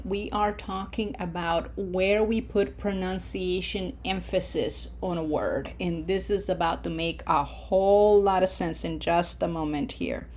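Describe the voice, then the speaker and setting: A woman teaching a recorded language lesson, modeling words clearly for repetition and checking in with frequent "okay?" prompts. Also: lowish voice, a little mellow, slight background noise. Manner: slow, deliberate, checks in with "okay?". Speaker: Spanish teacher.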